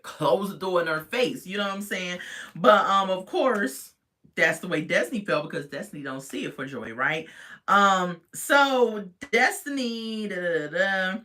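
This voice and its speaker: A chatty woman recapping a reality TV episode straight to her viewers. Her voice is bright and sharp, and her pitch swings up and down all the time. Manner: chatty and animated, addresses viewers directly.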